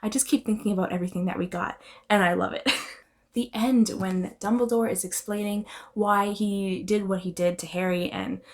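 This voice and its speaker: A woman's voice: medium pitch, normal speed. A young adult woman talking casually and emphatically as a book vlogger reviewing her reads. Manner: expressive, emphatic, often adds "okay?".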